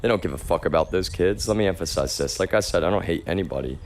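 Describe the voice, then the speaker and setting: Guy with a real low voice venting on stream, worked up, keeps saying y'all. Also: quick pace. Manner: agitated, repetitive, swears often, calls listeners y'all. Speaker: livestreamer. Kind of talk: ranting monologue to a live chat.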